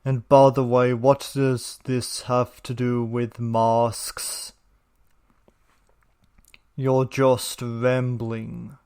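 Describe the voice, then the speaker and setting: Dude doing sarcastic reaction commentary, slow and mocking. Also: male voice, mid-range voice, flat delivery, darkish tone, clean tone. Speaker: commentary video host.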